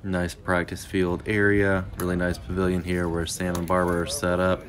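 A man's voice: sits low, monotone, normal speed, slight background noise. A man hosting a disc golf video, giving easygoing, upbeat narration outdoors at a park. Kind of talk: casual vlog narration.

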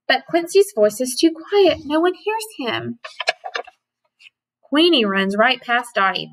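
A woman teacher giving a gentle, patient letter lesson to young children and reading a picture book aloud. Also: high voice, big pitch swings, poor audio. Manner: gentle and patient, with slow drawn-out sounds.

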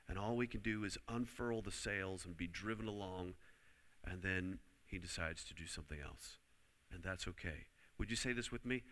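Speaking at a normal pace, a low-voiced male preacher delivers an emphatic sermon in a forceful tone edged with brightness. He underlines key phrases and leads the congregation in repeating them. A lengthy reverb lingers after him in the church hall.

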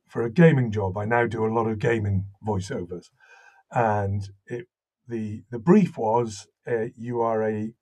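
A man with a slight Welsh lilt talks through an interview in a husky voice. He tells anecdotes in an animated way and restarts his sentences often. His voice sits at a middle pitch. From Wales. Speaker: voice actor and audiobook narrator. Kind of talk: interview conversation.

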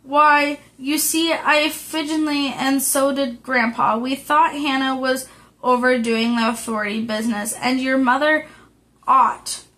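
A woman's voice: sits high, bright, forceful tone. Woman reading as Laurie, a kind eager boy.

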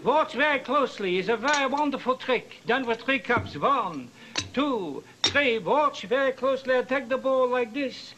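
A magician performing as an old New York conjurer with a heavy Yiddish accent, teasing the audience with singsong patter. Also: male voice, extremely high pitch, lively intonation, normal speed, background noise. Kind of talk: archival stage magic performance.

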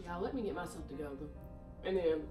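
A young woman with a hoarse, deep morning voice, chatting casually to her viewers in a vlog, recorded on a handheld phone. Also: expressive, fast, music in the background. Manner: chatty, laughing often, addresses viewers as y'all. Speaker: vlogger.

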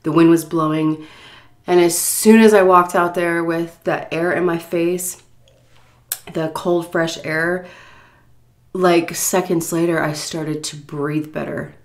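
A breathless woman just getting over the flu tells her story straight to her viewers in a chatty, unscripted vlog. Her voice sits a little low for a woman, and she keeps pausing to catch her breath and sigh. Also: fairly even intonation. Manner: chatty, addresses viewers directly. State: recovering from flu, sighing. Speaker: food vlogger. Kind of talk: casual storytelling to camera.

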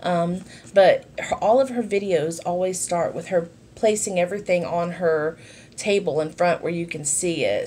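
Chatty woman, low-ish voice. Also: darkish tone, a little hiss or hum. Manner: rambling, chatty, many fillers and asides. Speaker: vlogger. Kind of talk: casual sit-down chat while doing makeup.

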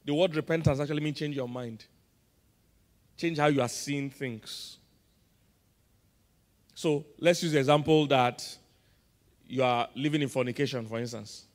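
A man's voice: mid-range voice, normal speed, pauses often. A man with a Nigerian English accent, preaching a sermon and quizzing his congregation in call-and-response style. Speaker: pastor. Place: large church auditorium. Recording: long reverb of a large church hall.

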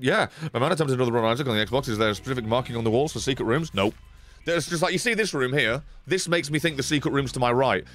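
A young man giving sweary, excitable commentary on his gameplay and chatting with stream viewers. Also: medium pitch, a little hiss or hum. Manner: sweary, excitable, laughs often.

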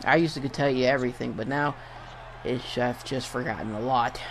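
A young man giving casual play-by-play commentary over a wrestling video game, getting excited and swearing at big moves. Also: mid-range voice, a little fast, vocal fry, slight background noise. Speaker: gameplay commentator.

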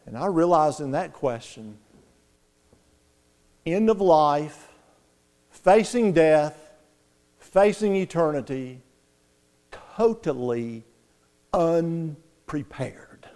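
Middle-aged male pastor, sermon delivery, slow deliberate pace, loud stresses and quiet asides. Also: on the high side, expressive. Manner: emphatic, swings from loud stress to hushed asides.

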